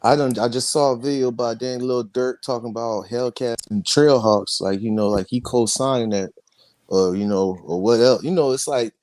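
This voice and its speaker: A man's voice: mid-range voice, fairly even intonation, darkish tone, dry recording. Casual slangy man hosting a livestream. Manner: loose, slangy, quick to hand over the floor. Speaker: livestream host.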